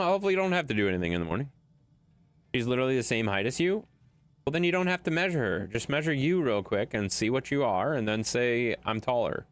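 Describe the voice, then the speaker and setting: Lively, blunt-talking male game streamer. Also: mid-range voice. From Wisconsin. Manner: blunt, swears, bickers with chat. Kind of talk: live game stream, chatting with viewers.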